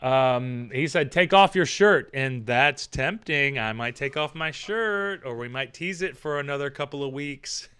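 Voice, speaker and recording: Bright-voiced man ranting on a live stream. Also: medium pitch, a little slow, few pauses, smooth. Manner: profane, ranting, reads out chat comments. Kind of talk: casual rambling live-stream chat.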